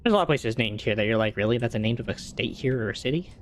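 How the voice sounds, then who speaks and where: A man's voice: medium pitch, animated, racing, slight background noise. Chatty man streaming a game. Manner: chatty, answers chat between game reactions. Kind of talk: casual chat while gaming.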